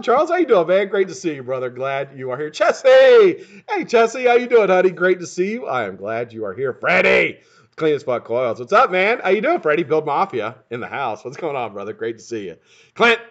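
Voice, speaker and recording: A man hosts his own live stream, talking quickly and cussing freely as he greets viewers by name. His pitch bounces all over, and the sound is dull and lo-fi. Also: a bit bright. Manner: fast-talking, profane, greets chat by name. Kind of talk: casual live-stream chat.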